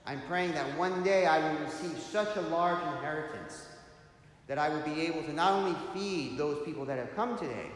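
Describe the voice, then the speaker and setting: A man's voice: a little high, normal speed, natural voice. A man voicing a stubborn, dreamy young monk who earnestly refuses to help, in an echoey hall. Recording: echoey hall, faint hiss.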